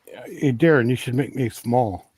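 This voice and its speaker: A man with a husky, slightly breathy voice cracks offhand jokes as a co-host. He talks from a bit further back, off the main mic, so he sounds quieter and more distant than the host. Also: mid-range voice, measured pace. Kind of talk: casual chat.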